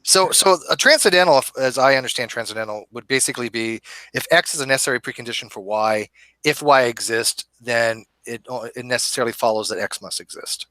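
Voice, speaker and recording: A man hosting a live online debate show, talking in an animated, emphatic and argumentative way. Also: mid-range voice, a little fast, dry recording. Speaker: host. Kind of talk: casual debate chat.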